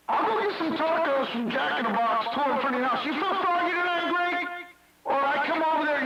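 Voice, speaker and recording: High-voiced guy trash talking on cb radio, sounds far off and super echoey, lots of hiss. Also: dull audio. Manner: mocking, taunting, repeats himself. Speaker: CB radio operator. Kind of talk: taunting radio banter.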